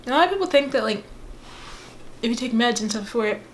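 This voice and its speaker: A woman's voice: a little high, animated, quick pace, a little hiss or hum. A young woman in her twenties chatting casually to her viewers in a playful, rambling way. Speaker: vlogger. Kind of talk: casual vlog chat.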